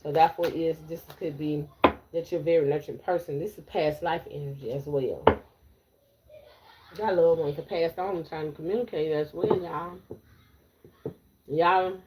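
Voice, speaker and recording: A woman reads tarot live for her viewers, blunt and repetitive. Her voice sits a little low for a woman. A faint hiss runs under the recording. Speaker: tarot reader.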